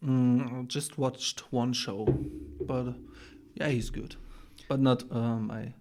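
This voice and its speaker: A young man chats as a podcast guest, his voice held to a flat, even pitch. He pauses often on filler sounds and laughs lightly between thoughts. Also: noisy background. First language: German. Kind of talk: casual interview chat.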